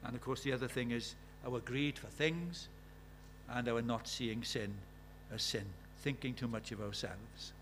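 A man's voice: medium pitch, steady tone, a little slow, a bit bright, slight background noise. A man preaching a sermon in a conversational way, asking the congregation many questions and reciting scripture with rising force.

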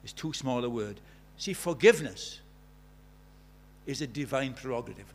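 A man's voice: mid-range voice, animated, moderate pace. A man preaching a sermon, asking rhetorical questions with emphasis.

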